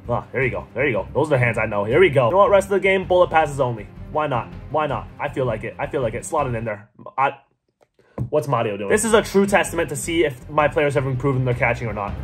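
Hyped fast-talking gaming commentator man. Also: mid-range voice, lively intonation, faint music behind. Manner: hyped, rambling, talks to himself and viewers. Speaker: gaming YouTuber. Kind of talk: excited gameplay commentary.

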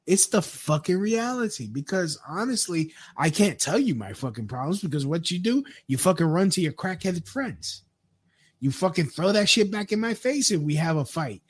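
A man's voice: sits high, animated, moderate pace, husky. A man giving a crude, rambling rant, with frequent stammered restarts. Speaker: commentator. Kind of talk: profane rant commentary.

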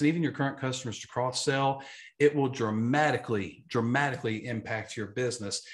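Speaking at medium pitch, a man who trains insurance agents delivers an energetic, emphatic talk in a live online session, driving his main points home through repetition.

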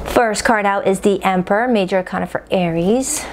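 A woman's voice: medium pitch, brisk, hardly any pauses, background noise. A woman giving a casual, emphatic tarot reading, talking straight to her viewers and often checking in with "okay?". Her speech stays loose and conversational. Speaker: tarot reader.

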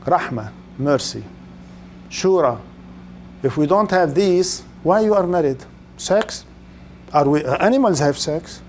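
An older man with a slightly high voice and a lectures a live audience. He keeps throwing rhetorical questions at the listeners and stretches words out for emphasis. Faint room ambience sits behind him. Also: lively intonation, a little slow, pauses often, a little hiss or hum. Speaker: Islamic lecturer.

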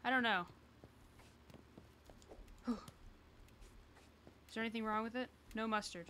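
Woman, game streamer, casual commentary, exasperated, swearing, bright tone, faint background hum. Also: a little high, steady tone, unhurried, pauses often. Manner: exasperated, swearing, talking to herself.

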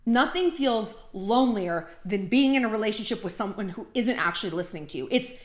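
A woman vlogger giving casual dating advice in a chatty monologue, full of "like" and quick asides. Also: mid-range voice. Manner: talkative, heavy use of "like", animated asides. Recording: roomy echo.

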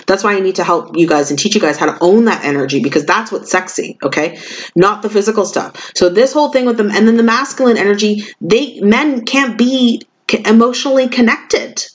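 A woman giving a spiritual card reading in a vlog, talking loudly and passionately with big swoops in pitch. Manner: loud, passionate, swooping and animated. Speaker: spiritual reader and shaman. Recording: muffled lo-fi audio.

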